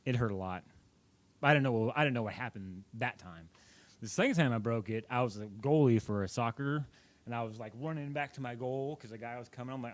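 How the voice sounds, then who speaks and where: A young man chats to the camera in a loose, rambling way, circling back and correcting himself as he goes. His voice sits at an ordinary middle pitch for a man. He sounds like a casual vlogger telling a story. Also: brisk, no echo. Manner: rambling, self-correcting, chatty.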